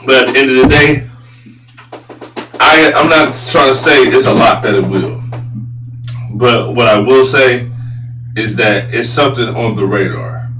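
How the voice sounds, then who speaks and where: A man's voice: medium pitch, unhurried, long pauses, soft background music. Blunt, profane man talking basketball. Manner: blunt, profane, gets loud and incredulous. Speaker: sports podcast host. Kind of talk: casual opinionated sports talk. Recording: roomy echo, voice a bit far from mic, faint hum.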